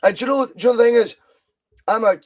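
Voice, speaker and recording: A Scottish man in his thirties hosts a laid-back football podcast over a video call, rambling excitedly and swearing a lot. His voice is extremely high and racing, and the recording sounds rough.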